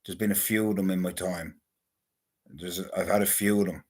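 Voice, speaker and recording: A vlogger with a husky, slightly rough, low voice rambles through a casual monologue to his viewers at a steady tone and moderate pace. His talk is crude and loose, packed with swearing and offhand banter.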